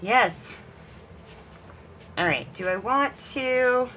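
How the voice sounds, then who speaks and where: A woman's voice: on the low side, lively intonation, a little slow, pushed and bright, slight background noise. A woman hosting a crafting video, chatting casually and laughing at herself as she works, with a put-on British accent. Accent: mock British put-on. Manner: chatty, self-deprecating, laughs often, talks to viewers as she works. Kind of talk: casual crafting chat while working.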